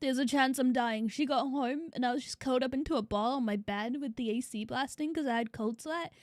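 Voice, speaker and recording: A woman's voice: high voice, brisk, dry recording, studio quality. A young adult woman streaming live, chatting casually and crudely and greeting her chat by name. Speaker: vtuber streamer.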